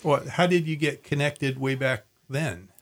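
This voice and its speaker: A host with a mid-pitched voice leading a casual interview. He asks curious questions, often restarting mid-sentence. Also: a little slow. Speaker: radio host.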